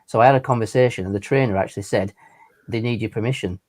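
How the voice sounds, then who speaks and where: A man's voice: on the low side, quick pace, a little mellow. A man in casual chat, stumbling and repeating words as he explains.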